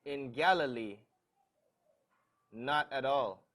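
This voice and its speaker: A man reading passages aloud in a church Bible study, haltingly, stumbling over words. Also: mid-range voice, a bit bright.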